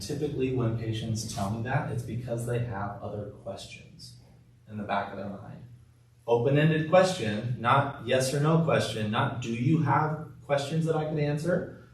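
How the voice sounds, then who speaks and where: A man coaching a room on handling patient objections, his delivery calm and empathetic as he models the words to use. He sits at the usual pitch for a man, and his voice is heard from a distance in a very echoey room, with a faint hiss underneath. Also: normal speed. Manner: demonstrates scripted patient talk, soft empathetic tone. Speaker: sales trainer. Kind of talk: sales training session.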